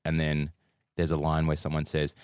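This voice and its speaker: A man's voice: extremely low pitch, completely flat delivery, normal speed, a little mellow, smooth, dry recording, clean studio sound. A man co-hosting a podcast, chatting about films with enthusiasm and trailing off mid-sentence. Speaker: podcast co-host. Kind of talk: casual film chat.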